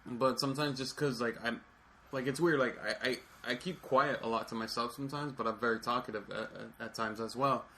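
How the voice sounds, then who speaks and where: A man co-hosting a podcast in casual chat, talking quickly with many halting restarts. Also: mid-range voice, steady tone, sharp tone, a little hiss or hum. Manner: quick, halting, repeats words. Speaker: podcast co-host.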